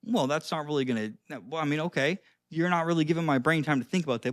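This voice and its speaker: A man's voice: fairly high pitch, fast talker, few pauses, no room sound, clean studio sound. A young man giving casual advice to his own camera, full of fillers like "dude" and acting out both sides of example chats. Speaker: dating and conversation coach.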